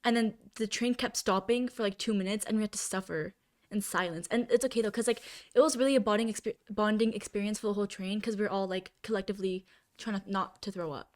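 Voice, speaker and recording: A woman's voice: medium pitch, fairly even intonation, fast talker. Chatty young woman telling stories. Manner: rambling storyteller, many fillers. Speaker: podcast co-host. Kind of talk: casual chat.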